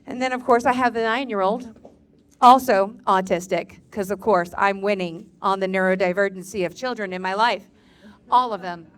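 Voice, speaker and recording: A woman's voice: medium pitch, moderate pace. A middle-aged woman doing a live stand-up comedy set in a bar, telling sarcastic, profane stories about raising her kids.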